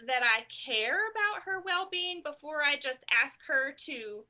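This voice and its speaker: Bubbly woman, high-pitched and very bright, sharing sales tips casually. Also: animated, unhurried. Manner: bubbly, laughs often, thinks aloud with ums. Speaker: sales consultant giving booking tips. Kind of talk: casual group chat on a video call.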